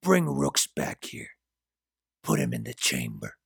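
A man's voice: rumbling low, wildly swooping pitch, slow, vocal fry, breathy edge, no echo, clean studio sound, pitched below the performer's own voice, full character voice. A man reading a story, voicing an impatient, hardened young male killer in a terse, blunt way. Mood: cold.

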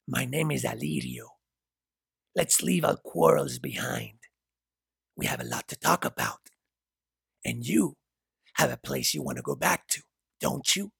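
A man reading a story aloud, voicing a calm, menacing male captor who mocks and chuckles darkly. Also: mid-range voice, measured pace, long pauses, no echo, studio quality, heavily acted. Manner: smooth, mocking, chuckles darkly.

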